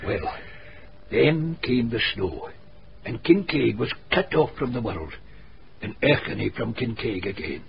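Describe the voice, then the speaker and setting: An old storyteller with a gravelly voice and a lively, rising and falling delivery. He takes his tale slowly, and the recording is muffled with a faint hiss behind him. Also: medium pitch. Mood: narrating. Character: old Scottish storyteller, Mr Bell.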